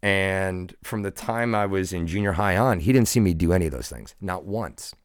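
A man in his forties speaks in a very low, deep voice, earnest and reflective as he tells a personal story on a podcast. He restarts often and leans on casual fillers. The sound is dry and close. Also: animated, moderate pace, clear, resonant tone, dry recording. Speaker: podcast guest.

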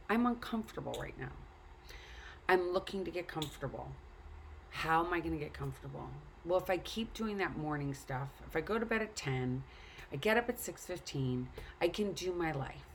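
A woman's voice: fairly low pitch, creaky, a little hiss or hum. A woman telling a story and earnestly urging the listener to take care of themselves. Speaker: speaker. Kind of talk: casual motivational talk.

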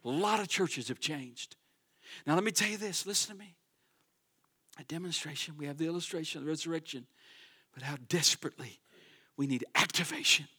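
High bright-voiced fervent preacher man. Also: fairly quick, long pauses, slightly rough. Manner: fervent preaching that swings between loud declarations and quiet asides. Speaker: pastor. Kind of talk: sermon. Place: church sanctuary.

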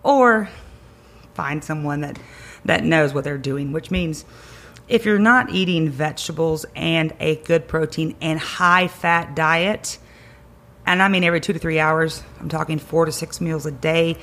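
A woman's voice: low voice, fairly even intonation, a little slow, fairly bright tone. A woman, a chiropractor guest on a podcast, giving emphatic advice and repeating key words to drive her points home. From Greenville County area, South Carolina. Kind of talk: energetic advice-giving conversation.

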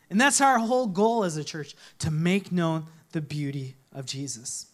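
A man's voice: high-pitched, fairly bright tone. A man preaching a sermon as a pastor, talking conversationally and telling stories with voiced quotes.

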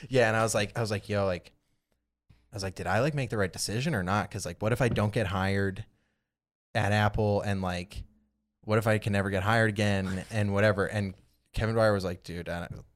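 A young man with a fairly low voice tells a long, rambling story to his friends on a podcast. He leans on "like" constantly and acts out what everyone said. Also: brisk. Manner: rambling, animated retelling with lots of "like". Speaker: podcast co-host. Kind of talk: casual storytelling chat.

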